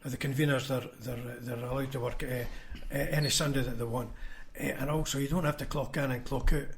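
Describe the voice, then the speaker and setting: A man's voice: mid-range voice, fairly even intonation, brisk, a little hiss or hum. A Scottish man, a former union convener, telling blunt anecdotes in a casual podcast chat and acting out what others said. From Scotland. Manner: anecdotal, blunt, acts out quoted voices.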